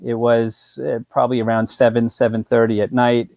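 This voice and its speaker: A man's voice: mid-range voice, normal speed, vocal fry, dry recording. A male attorney, telling a story on a live show and acting out both sides of a phone call. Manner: animated storyteller, acts out phone calls.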